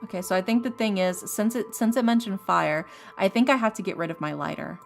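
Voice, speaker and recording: Woman streaming a game, chill chatty commentary, gravelly, faint music. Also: mid-range voice, brisk. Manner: casual, chatty. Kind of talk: let's-play commentary.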